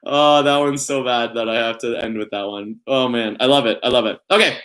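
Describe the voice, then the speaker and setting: A man's voice: mid-range voice, fairly even intonation, moderate pace, pauses often, a bit bright. A young man hosting a casual vlog, talking in a playful, giggly way and hamming up each pun. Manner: playful, giggly, reads puns in a put-on emphatic voice. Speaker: vlogger.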